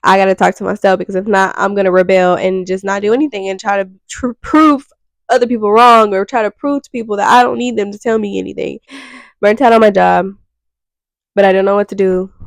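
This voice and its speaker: Candid young woman with a gravelly voice. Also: medium pitch, steady tone, fairly quick, dry recording, poor audio. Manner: frank and rambling, swears casually. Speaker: vlogger. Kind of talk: candid self-reflective monologue.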